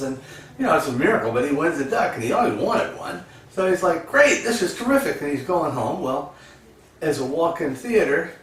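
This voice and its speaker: A man's voice: fairly high pitch, fairly bright tone. A man casually telling old jokes in a rambling, folksy way, full of fillers. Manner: rambling, folksy, lots of "you know". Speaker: joke teller. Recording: echoey, distant, faint crowd and noise.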